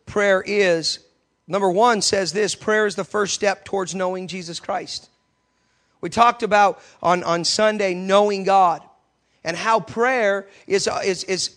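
A young man preaching a sermon, telling stories in an animated, emphatic way with many restarts. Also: high-pitched.

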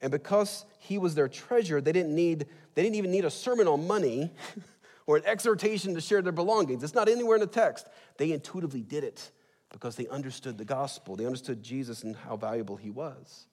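A man's voice: on the high side, a little fast. Man preaching in a reverberant hall. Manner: lively, conversational preaching with asides and laughs. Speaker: pastor. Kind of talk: sermon. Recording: long reverb in a large hall.

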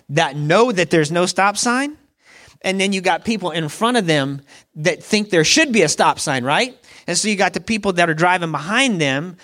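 A man's voice: high voice, fairly bright tone. A man preaching a sermon in a conversational storytelling way, often checking in with the listeners. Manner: conversational storytelling with frequent "right?" asides. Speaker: pastor.

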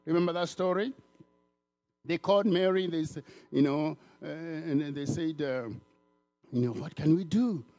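A man from Africa delivers a sermon with a slightly raised pitch. He restarts and repeats phrases as he builds his point and slips into little acted voices for the people he quotes. Soft music plays faintly beneath him. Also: fairly even intonation, a little slow, long pauses. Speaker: preacher.

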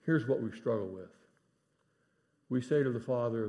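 A middle-aged man preaching a sermon in a church, earnest, dropping to hushed tones for emphasis. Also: mid-range voice, normal speed, pauses often. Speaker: pastor. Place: church sanctuary.

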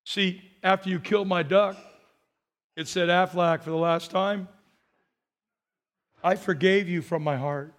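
A man voicing a kind, forgiving old grandmother in a sermon story, speaking softly and gently. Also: high voice, steady tone, a little slow, long pauses. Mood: gentle.

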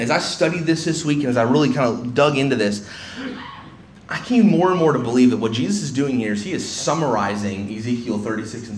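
A man preaching an expository sermon in a church hall, talking conversationally with frequent restarts and voicing the people he quotes. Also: mid-range voice. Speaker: pastor. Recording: echoey room, faint hiss.

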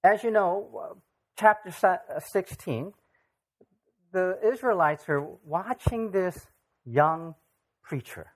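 A visiting Bible teacher leading a casual church study, speaking haltingly with frequent fillers and often checking in with the group. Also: medium pitch, animated. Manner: halting, many fillers, keeps checking in with "okay?". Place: church gathering.

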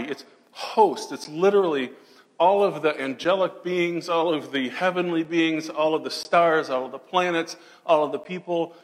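A man preaching a sermon dramatically, moving between loud declarations and hushed, almost whispered passages. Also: fairly high pitch, in a large hall. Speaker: pastor.

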